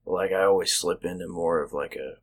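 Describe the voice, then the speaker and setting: A man co-hosting a podcast, chatting casually in halting, filler-heavy talk. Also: deep voice, fairly even intonation. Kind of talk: casual chat.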